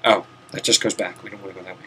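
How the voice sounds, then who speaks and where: This young VTuber game streamer has a deep, pushed, bright voice and a level tone, and he talks very fast. Sitting at his desk at home, he gives rambling let's-play commentary, swearing now and then and talking to himself while tired and yawning, with a little hiss or hum in the audio.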